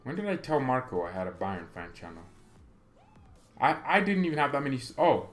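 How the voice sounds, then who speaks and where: A man's voice: medium pitch, big pitch swings, brisk, faint music behind. Rambling young man hosting a fan stream. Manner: rambling, stammering, laughs often, reads chat aloud. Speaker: fan channel host. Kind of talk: casual livestream chat.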